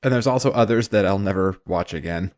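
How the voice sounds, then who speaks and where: A man's voice: deep voice, brisk, darkish tone. A man co-hosting a podcast, chatting casually with wry jokes. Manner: wry, joking. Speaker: podcast co-host.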